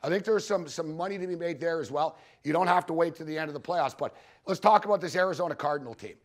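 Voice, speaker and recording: High-voiced guy at a conference, swearing a lot, telling betting stories and repeating his point. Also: quick pace. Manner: profane, storytelling, punchy repetitions. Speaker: sports betting show host giving a conference talk. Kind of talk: animated anecdotal presentation. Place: conference room with audience.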